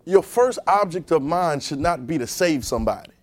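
A male preacher giving a conversational sermon, talking directly to his congregation and swinging between quiet, low asides and loud emphasis. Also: expressive, moderate pace, dry recording.

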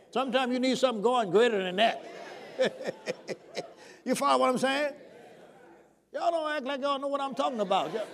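Man, preacher, high-pitched voice, call-and-response sermon, coaxing the crowd to answer back. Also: gravelly.

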